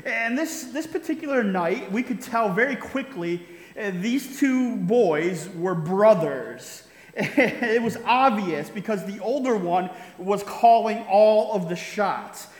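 A man's voice: high-pitched, lively intonation, slow pace. A man preaching a sermon, telling a story with frequent "right?" asides and chuckles. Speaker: pastor. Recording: roomy hall reverb.

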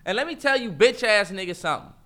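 A young man co-hosting a podcast, talking in casual heated banter, animated and swearing, and mocking impressions of his brother. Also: sits high, quick pace. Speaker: podcast co-host.

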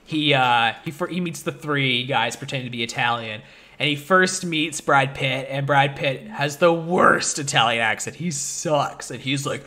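A man hosting a casual movie podcast, rambling with lots of fillers and getting animated as he talks. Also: mid-range voice, normal speed. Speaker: podcast host.

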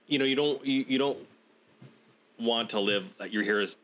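A man co-hosts a podcast in casual conversation, speaking at normal speed in a medium-pitched, fairly bright voice. He rambles and keeps restarting his thoughts.

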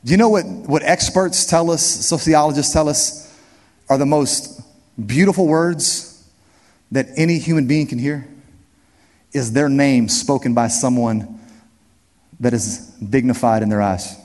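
A man's voice: medium pitch, a little slow, long pauses, a little mellow. A male pastor delivering an emphatic sermon, repeating key phrases and speaking straight to his congregation. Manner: emphatic preaching, repeats key phrases, addresses the crowd directly. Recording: long hall reverb.

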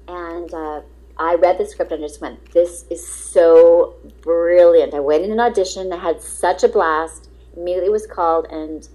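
A middle-aged woman, a guest actress, telling lively anecdotes in an interview and acting out the dialogue. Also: sits low, low-quality recording. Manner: lively, acts out quoted dialogue, laughs often.

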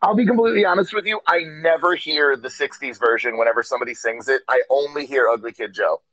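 A man's voice: medium pitch, fast, a bit bright. Blunt, casual man on a dull line. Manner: blunt, swears freely. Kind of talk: casual chat. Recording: dull lo-fi sound.

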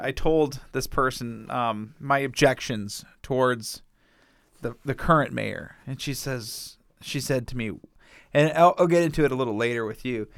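A man co-hosting a podcast, telling stories in a casual, profane and animated way. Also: medium pitch, gravelly, no room sound, clean studio sound. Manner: profane, animated storytelling with frequent laughs. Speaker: podcast co-host.

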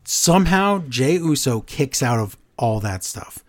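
Recapping matches on the podcast he co-hosts, this man tells the story casually and with animation, doing voices for quoted lines. His pitch is medium and his pace unhurried.

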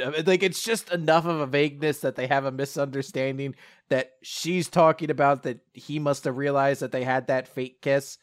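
A man's voice: mid-range voice, steady tone, moderate pace. A man co-hosting a casual chat, recapping a story chapter in a rambling way, laughing often and acting out the characters' lines. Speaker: podcast co-host.

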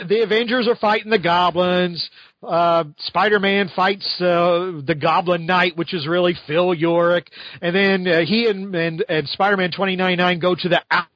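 A man's voice: sits high, bright, forceful tone, dry recording, lo-fi sound. A man hosting a podcast, reviewing a comic book in a rambling, sarcastic way and laughing often. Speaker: podcast host.

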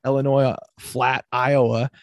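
A young man coaching fitness talks in an upbeat, rambling way, peppering his points with "like". His voice is mid-pitched and the sound is dry and close. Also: measured pace, no echo. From Midwest United States. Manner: energetic, heavy use of "like". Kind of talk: casual podcast conversation.

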